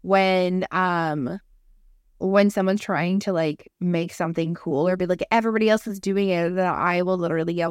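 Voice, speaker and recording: A young woman with a lowish voice hosts a relaxed podcast chat. She rambles through stories with small fillers. The sound is close and dry. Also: moderate pace, smooth, no room sound. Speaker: podcast host. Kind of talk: casual chat.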